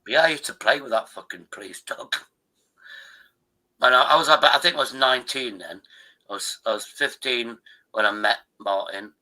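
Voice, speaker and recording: An older man holds forth on a live video call. His voice is very bright and sharp, his pitch sits in a middling range, and he rambles from story to story with plenty of swearing. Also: moderate pace, poor audio. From Derbyshire, England. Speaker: livestream host. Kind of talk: casual chat.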